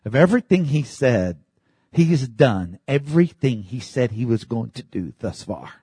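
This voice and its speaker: A man's voice: medium pitch, very animated, moderate pace, mellow, slightly rough, dry recording. A man preaching a sermon with fervent, emphatic delivery and repeated phrases.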